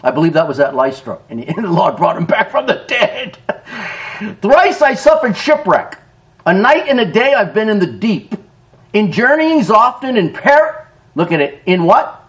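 A middle-aged man preaching a sermon in a church, animated, rising to shouts and breaking into laughter. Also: high voice, measured pace, rough recording.

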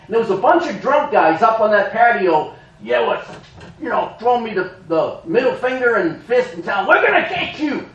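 A middle-aged man preaching a sermon in a church, animated, rising to shouts and breaking into laughter. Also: high voice, normal speed, lo-fi sound.

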